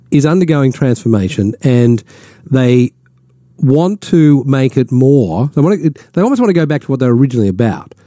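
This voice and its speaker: A man with an Australian accent hosting talkback radio, chatty and animated, slipping into mock voices. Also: mid-range voice, no room sound, clean studio sound. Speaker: radio host. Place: radio studio.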